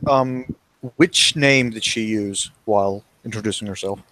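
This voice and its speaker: A man playing a tabletop role-playing game, talking quietly and dryly. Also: fairly low pitch, unhurried, poor audio. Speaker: player.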